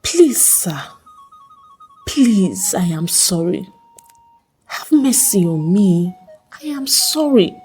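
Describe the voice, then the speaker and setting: A woman's voice: mid-range voice, very animated, slow, pauses often, a little mellow, husky, faint music behind, heavily acted. Woman voicing a frightened young woman begging. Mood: pleading. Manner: desperate pleading.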